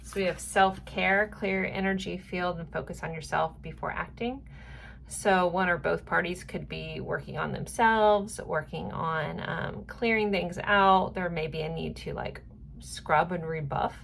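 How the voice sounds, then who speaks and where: A woman's voice: lowish voice, steady tone, moderate pace, vocal fry, a bit bright, slight background noise. A woman giving a casual, chatty tarot card reading to her viewers, rambling with many fillers. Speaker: tarot reader.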